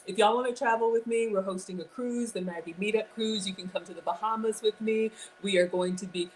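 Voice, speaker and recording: A woman in her forties from Ghana chats through a casual cooking livestream in her home kitchen, saying hello to viewers, reading comments, and poking fun at herself. Her medium-pitched voice moves a little fast with hardly any pauses. The recording is low quality, with slight background noise.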